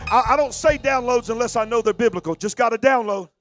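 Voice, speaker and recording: A man preaching a sermon, swinging from low conversational talk to shouted, sung preaching. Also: fast, soft background music.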